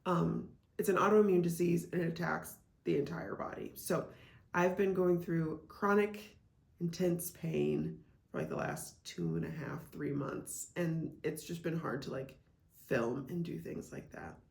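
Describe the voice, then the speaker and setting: A woman from Iowa talks casually to camera about her reselling, her fillers running through every sentence. Her voice sits low with a gravelly edge, and the room around her rings with echo. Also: big pitch swings, a little slow, darkish tone. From Iowa, United States. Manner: chatty, with frequent "like" and "um" fillers. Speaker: reseller vlogger. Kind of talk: casual vlog chat. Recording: echoey room.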